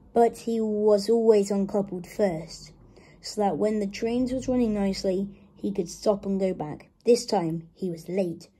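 A woman reading a children's story aloud in a slow, gentle storybook manner. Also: medium pitch, husky.

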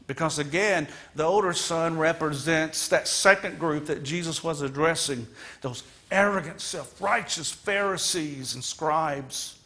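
A man's voice: fairly high pitch, a little slow, sharp tone. A man delivering a sermon as guest minister in a church, earnest and emphatic, retelling a story dramatically. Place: church sanctuary.

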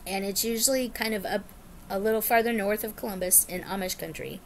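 A woman chatting casually to her viewers in a rambling, bubbly way, often getting excited. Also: mid-range voice, a little fast, slight background noise. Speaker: cross-stitch vlogger. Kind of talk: casual chat to camera.

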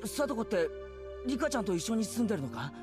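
A brash anime schoolboy. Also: male voice, sits high. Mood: tense. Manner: rapid, lively and brash. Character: brash teenage schoolboy, hot-headed. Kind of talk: anime game voice acting. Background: game music.

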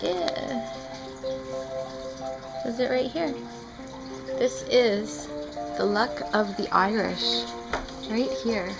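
A young female vlogger chats casually at a window in her home, being playful and goofy and drifting into sing-song with silly made-up songs. Her voice is on the high side, gravelly and lively in intonation, very slow with long pauses. It's recorded on a camera mic over music, and the audio is poor.

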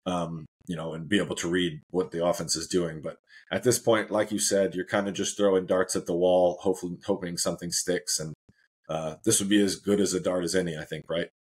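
Low husky man in casual sports chat. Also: level tone, brisk. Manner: laid-back, laughs often, says "man" a lot. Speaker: co-host.

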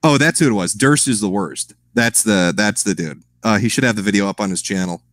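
A man's voice: lowish voice, brisk, a bit bright. A man chatting casually as a stream guest, rambling, swearing often and laughing at his own jokes. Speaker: guest on a live stream show. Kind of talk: casual profane chat.

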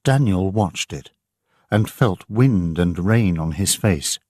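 A man narrating an audiobook for English learners, slow and clearly enunciated. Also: sits low, animated, darkish tone, dry recording, clean studio sound.

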